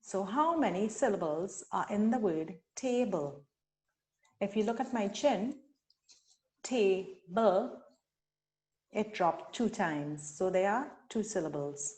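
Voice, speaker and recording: A woman from Trinidad and Tobago leading a teacher-training webinar, speaking deliberately and sounding out syllables slowly. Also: mid-range voice, animated, a little mellow. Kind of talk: instructional webinar talk.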